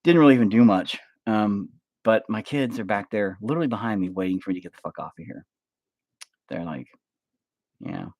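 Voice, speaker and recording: A man's voice: on the low side, a little fast, long pauses, a little mellow, dry recording. A man rambling casually in a vlog, swearing often and calling the listener "bro", recorded on a handheld phone at home. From Oklahoma. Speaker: vlogger. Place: at home, kids nearby. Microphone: phone held up.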